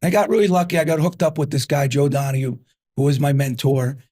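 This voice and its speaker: A husky-voiced man in his fifties from New Jersey, a guest on an interview show. He tells his story in an energetic, punchy way, driving points home with repeats. His voice sits a little high for a man. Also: fast talker. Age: 50s.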